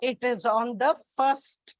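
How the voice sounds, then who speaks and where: A woman with a high voice gives an English lesson in a classroom, speaking slowly and deliberately in a steady tone, listing and repeating examples while addressing her students as children. The recording is close and dry, with no echo and a muffled, lo-fi sound.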